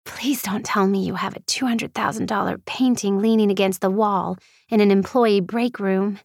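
An actress reading a nervous young woman's lines in an audiobook, with a breathy, slightly rough voice. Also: medium pitch, fairly even intonation, normal speed, darkish tone, no echo, clean studio sound.

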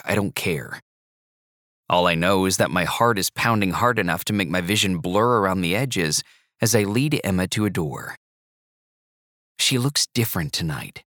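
A man narrating an audiobook in the first person, with a measured, even storytelling delivery. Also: low voice, dry recording, clean studio sound.

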